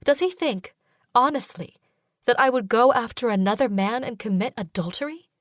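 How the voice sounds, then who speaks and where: A woman giving steady, measured first-person narration of a romantasy audiobook. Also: fairly high pitch, no echo, clean studio sound.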